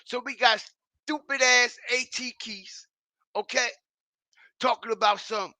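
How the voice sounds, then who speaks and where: A man's voice: extremely high pitch, steady tone, a little slow, pauses often, bright, forceful tone, dry recording. A man giving a ranting online commentary, emphatic and profane, repeating himself and checking in with his listeners. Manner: emphatic, repetitive, keeps checking in with the audience; profane and mocking.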